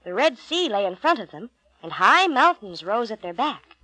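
A woman narrating Bible stories from a storybook in a gentle, clear way. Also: on the high side, big pitch swings, moderate pace, dry recording, low-quality recording.

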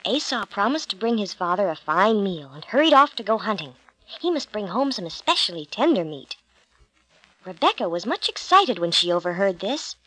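A woman narrating a children's Bible storybook in an expressive, gentle read-aloud manner. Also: mid-range voice, normal speed, no room sound, low-quality recording.

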